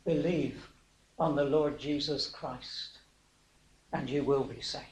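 A man voicing a calm male apostle within a sermon, speaking earnestly and reassuringly. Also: mid-range voice, takes it slowly, echoey room, voice pushed down, rough recording.

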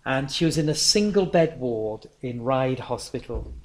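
A man's voice: mid-range voice, animated, measured pace. A man preaching a sermon in a conversational storytelling manner.

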